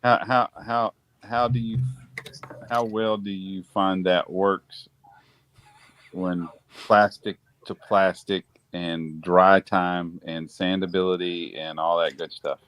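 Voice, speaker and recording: Very deep, slow-talking man, dry sound. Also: steady tone, fairly bright tone. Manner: joking, stumbling questions. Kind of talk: casual chat.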